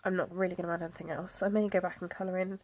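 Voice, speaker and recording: A woman, chatting casually about her planner, with soft, self-deprecating asides and frequent fillers. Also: lowish voice, level tone, rapid-fire, a little hiss or hum. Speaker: planner vlogger. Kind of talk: casual chat.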